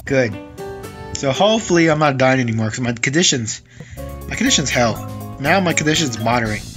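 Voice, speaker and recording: A man's voice: mid-range voice, expressive, a little fast. A young man hosting a gaming channel, rambling through casual gameplay commentary and swearing when the game goes wrong. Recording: game music in background. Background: game music.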